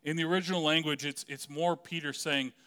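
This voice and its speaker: A man's voice: fairly high pitch, fairly even intonation, fairly quick, pushed and bright, clear, resonant tone. A man preaching a casual, conversational sermon, joking often and leaning on "like" as a filler.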